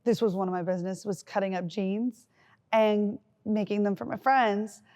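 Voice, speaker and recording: A woman's voice: medium pitch, fairly even intonation, moderate pace, darkish tone. A young woman co-hosting a podcast with her mother, rambling through personal stories with frequent giggles. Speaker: podcast co-host. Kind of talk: casual chat.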